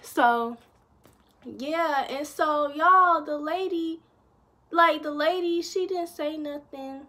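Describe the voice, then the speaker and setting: A young woman tells a story to her viewers in a relaxed, unhurried way. Her voice sits a little high, and she keeps the telling chatty, turning to the audience again and again as she goes. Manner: chatty, addresses viewers as y'all, lively retelling. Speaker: vlogger. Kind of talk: casual storytime.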